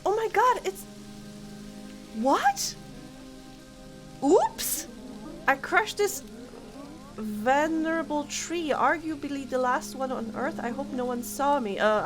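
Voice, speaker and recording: A woman's high, expressive voice moves unhurriedly, pausing often, as she chats casually and thinks aloud while streaming a game. Frequent giggles punctuate the gameplay commentary, and game music is clearly audible underneath.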